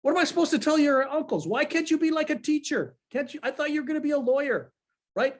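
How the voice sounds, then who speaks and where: Guy doing his panicky greek mom, way high pitched, pestering with questions. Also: expressive. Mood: alarmed. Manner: anxious rapid-fire questioning. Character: worried middle-aged Greek mother, fretful.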